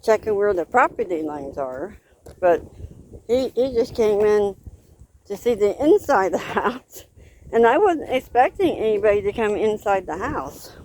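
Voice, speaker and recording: Slow-talking woman vlogging outdoors. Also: medium pitch, animated, darkish tone. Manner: rambling, chatty, laughs between remarks. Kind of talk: casual chat while walking. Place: outdoors in a park on a cold windy day. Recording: wind noise outdoors.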